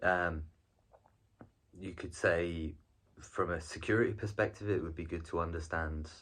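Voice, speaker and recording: A man's voice: deep voice, steady tone, measured pace, a bit bright. A man presenting a casual, chatty language lesson on video, rambling a little with frequent ums and restarts. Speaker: video presenter teaching Chinese.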